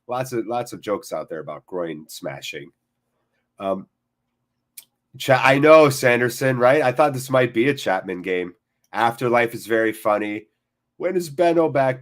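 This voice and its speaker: A man hosting a live football watchalong, chatting casually and jokingly with viewers, swearing freely and breaking off to react to the match. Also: medium pitch. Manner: jokey and off-the-cuff, swears freely; reacts to the match between chat replies. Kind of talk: casual live-stream chat, reading viewer comments.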